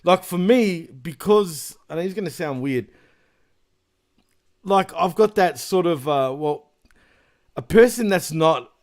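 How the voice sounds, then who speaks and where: Chatty Australian man, higher voice. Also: lively intonation, unhurried, pauses often. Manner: laughs often, chatty and joking. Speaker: co-host. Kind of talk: casual chat.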